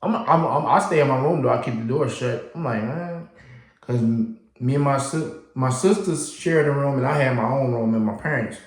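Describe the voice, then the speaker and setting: A man telling his life story casually to the camera, as an animated storyteller whose voice jumps up high when he acts out his younger self. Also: fairly quick. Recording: echoey room.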